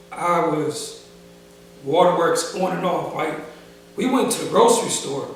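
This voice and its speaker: A young man telling a personal story in a casual vlog, speaking slowly and emotionally with many pauses, restarts and casual slang. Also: fairly high pitch, vocal fry, a little hiss or hum. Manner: casual slang-filled speech. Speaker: vlogger. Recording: roomy echo, voice from a distance.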